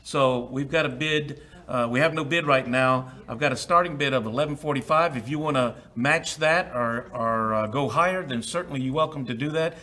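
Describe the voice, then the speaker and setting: A man working as an auctioneer at a live charity auction, repeating the asking price in steady runs with many filler sounds. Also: medium pitch, moderate pace, few pauses.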